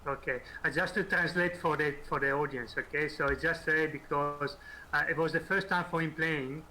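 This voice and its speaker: A man's voice: a little high, fairly even intonation, pushed and bright, a little hiss or hum, poor audio. A man hosting a live-streamed interview, translating for the audience with many hesitations and fillers. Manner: halting, many fillers, switches between languages. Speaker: host and translator.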